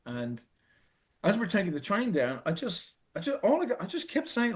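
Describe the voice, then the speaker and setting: A middle-aged Irish man telling a personal story in an earnest, halting way, restarting and repeating phrases for emphasis. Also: high-pitched, wildly swooping pitch. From Ireland. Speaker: speaker telling his own story.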